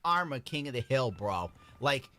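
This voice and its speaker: A man's voice: medium pitch, sing-song, normal speed, a bit bright, no room sound. A man narrating a mocking commentary video in a sarcastic, dry tone.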